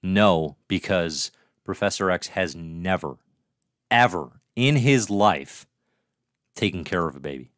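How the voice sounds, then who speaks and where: A man's voice: low voice, expressive, takes it slowly, a bit bright, dry recording, studio quality. A man hosting a casual comics review livestream, chatty and reading viewer comments aloud. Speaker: livestream host.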